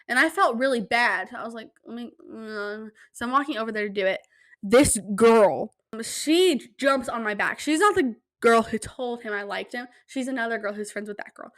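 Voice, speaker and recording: A young woman hosting a casual solo podcast at home, telling stories in an animated, self-deprecating way and acting out quotes. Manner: animated, self-deprecating, acts out quotes with big pitch jumps. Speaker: podcast host. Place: home room, quiet at night.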